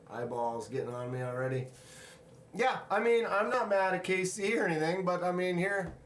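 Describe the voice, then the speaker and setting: His voice sits high with lively intonation at a normal speed as he runs a casual live stream, greeting chatters and reading their comments aloud. The recording has roomy, echoey room sound and a little hiss or hum.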